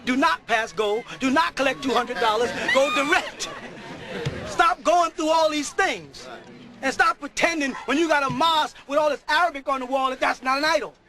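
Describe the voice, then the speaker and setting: A middle-aged man preaching a sermon to a live audience, often shouting and laughing. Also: very high-pitched, fairly quick, over music, crowd noise, rough recording.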